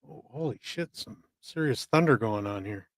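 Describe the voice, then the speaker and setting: A man's voice: medium pitch, expressive, moderate pace, no room sound, studio quality. A man co-hosting a casual livestream, reading out chat comments, blunt and wry, swearing freely.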